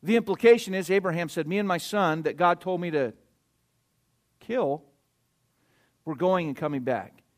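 Emphatic preacher, man, fairly high voice. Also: moderate pace, long pauses. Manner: emphatic, swings between loud stresses and quiet asides, checks in with listeners. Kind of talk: sermon with scripture reading.

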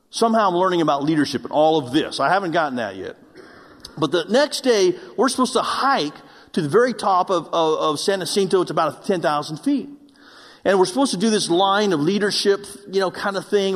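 A man preaching a sermon, telling a personal story with self-mocking humor before turning to earnest exhortation of the congregation. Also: high-pitched. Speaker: pastor. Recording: long hall reverb.

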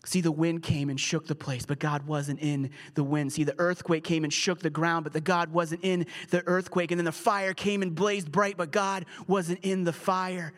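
A man preaching as the pastor of a church, earnest, dropping at times to a hushed whisper. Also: high voice, level tone, normal speed. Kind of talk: sermon.

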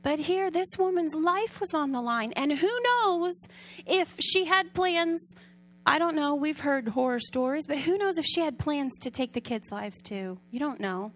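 Preaching with a high-pitched, animated voice at a slightly slow pace, a woman tells her sermon conversationally, like a story. She regularly questions the audience and occasionally becomes soft and hushed.

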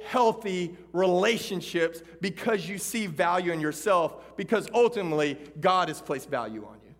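Animated Texan preacher in a hall. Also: male voice, high voice, moderate pace, few pauses. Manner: animated, shifts from loud calls to hushed storytelling. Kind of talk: sermon to students. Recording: hall reverb.

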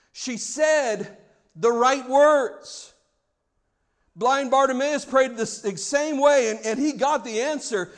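A man preaching a sermon, acting out pleas loudly and dropping to a hush for emphasis. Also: extremely high pitch. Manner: dramatic, acts out quoted pleas, swings from loud to hushed. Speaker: pastor.

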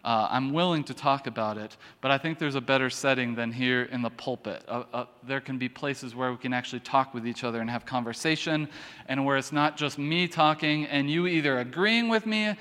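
A man's voice: mid-range voice, a little fast, a bit bright. A man preaching a sermon from the pulpit, talking casually with frequent restarts and asides between scripture readings. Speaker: pastor. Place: church. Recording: long church reverb.

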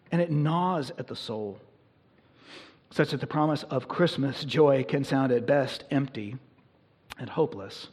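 A man's voice: mid-range voice, darkish tone, slightly rough. A man preaching a sermon to his congregation in a church, in an earnest, conversational manner that builds in intensity. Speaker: pastor. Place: church sanctuary.

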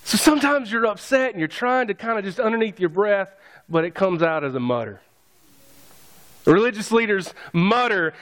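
A man's voice: high-pitched, animated, normal speed, fairly bright tone. A man preaching a sermon, conversational and joking with his congregation. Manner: conversational, jokey asides to the congregation. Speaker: pastor.

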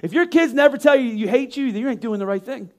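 High-voiced emphatic male preacher. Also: animated, fast talker, darkish tone. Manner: emphatic, rhetorical, acts out quoted voices. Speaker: pastor. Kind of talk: sermon.

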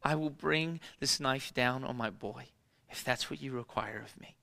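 A man voicing Abraham as an anguished but faithful father, speaking in a hushed, pleading way. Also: medium pitch, moderate pace, vocal fry, pitched below the performer's own voice. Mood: resolved.

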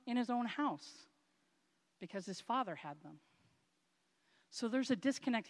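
A woman's voice: a bit bright, big-room sound. A woman preaching a conversational, self-deprecating sermon, acting out quoted lines with playful asides. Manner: acts out quoted speech with raised pitch.

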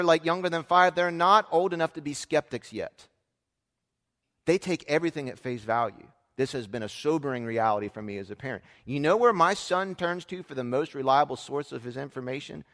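A man's voice: a little high, fairly bright tone. A man in his thirties preaching a sermon as pastor, talking in an earnest, conversational way with frequent fillers and restarts. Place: church sanctuary. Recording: long reverb of a large church hall.

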